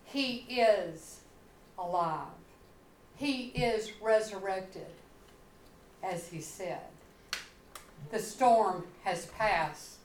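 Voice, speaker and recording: Slow, dramatic woman pastor in echoey church. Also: mid-range voice, slight background noise. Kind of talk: sermon. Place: church sanctuary.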